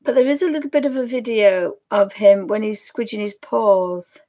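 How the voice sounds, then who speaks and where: A woman's voice: mid-range voice, normal speed, dark tone. A woman with a Yorkshire accent chatting casually to camera as a craft vlogger, rambling and trailing off mid-sentence.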